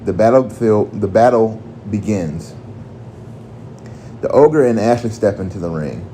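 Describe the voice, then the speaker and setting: A man telling a crude comic story in a slow, deadpan drawl. His voice is low and mellow, with faint noise in the background.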